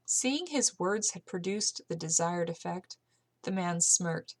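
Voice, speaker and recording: Casting: a low-voiced woman narrating a novel, amateur audiobook reader, steady pace with small slips. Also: measured pace. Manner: steady reading with occasional slips and self-corrections.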